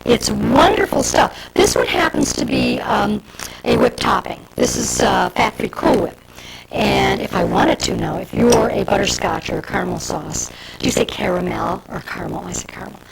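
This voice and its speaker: A woman's voice: on the low side, wildly swooping pitch, normal speed, vocal fry, background noise. A woman from Michigan hosting a cooking show, demonstrating a dessert to camera in a chatty, homey way with asides to the viewer. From Michigan, USA.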